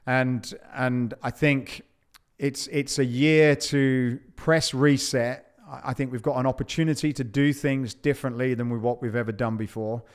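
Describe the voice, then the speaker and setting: Male podcast host, smooth voice, thoughtful monologue, stumbles and restarts. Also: mid-range voice, fairly even intonation. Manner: halting, repeats words.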